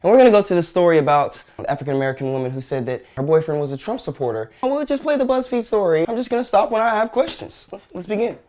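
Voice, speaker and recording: A man's voice: high-pitched, animated, fast talker, few pauses. A man hosting his own show, delivering an emphatic, profane comedic rant commentary. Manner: profane, emphatic, bursts of shouting. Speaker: host.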